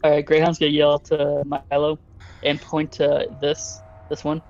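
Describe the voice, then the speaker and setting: A man's voice: a little high, completely flat delivery, a little slow, a little mellow, highs cut off, a little hiss or hum. A man playing in a tabletop game, talking in a loose, chatty way and laughing often. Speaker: player. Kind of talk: casual tabletop play.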